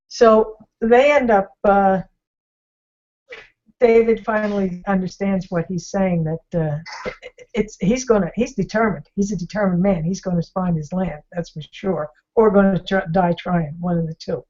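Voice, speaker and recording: A woman's voice: medium pitch, fairly even intonation, normal speed, darkish tone. Woman host, chatty storyteller, ums and restarts throughout, slightly dull video-call sound. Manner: rambling, with many fillers and restarts. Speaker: discussion host. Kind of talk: casual storytelling retelling.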